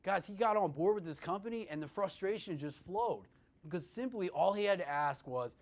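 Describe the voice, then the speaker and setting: Lively higher-voiced man coaching students. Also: moderate pace. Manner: animated, addresses listeners as "guys", many "you know" fillers. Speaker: career services presenter. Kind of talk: instructional talk to students.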